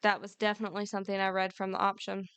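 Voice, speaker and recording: A woman's voice: mid-range voice, completely flat delivery, rapid-fire, a bit bright, smooth, dry recording. A woman co-hosting a podcast in casual chat, laughing often and stumbling a little as she reads notes aloud. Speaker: podcast co-host.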